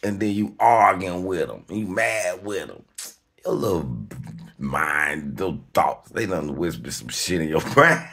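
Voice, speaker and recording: A man speaks to camera in a deep, husky, gravelly voice, taking his time while his pitch swings widely. He talks in loose, emphatic slang, swearing often and breaking into laughter between points. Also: animated, a little slow, a bit bright. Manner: emphatic, slangy and rambling, with sudden high-pitched outbursts. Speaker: video host. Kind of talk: unscripted monologue to camera.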